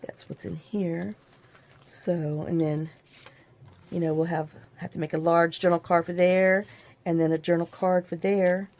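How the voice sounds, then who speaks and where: This middle-aged crafting channel host speaks a little slowly, her fairly low, slightly mellow voice barely moving in pitch. She rambles and talks to herself as she works, in a casual tutorial.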